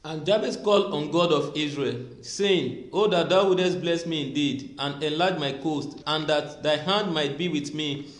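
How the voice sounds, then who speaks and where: A man reading scripture aloud in a steady, measured way. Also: a little high. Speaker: scripture reader. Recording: echoey room.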